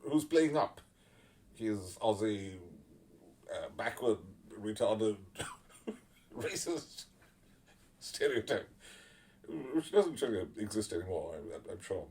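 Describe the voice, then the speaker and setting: A man with a low voice delivers casual commentary in a blunt, sardonic way, swearing freely and filling pauses with "uh" and "you know". He sits some distance from the microphone. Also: very animated, darkish tone. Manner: blunt, profane and sardonic, with many fillers. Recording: voice a little far from the mic.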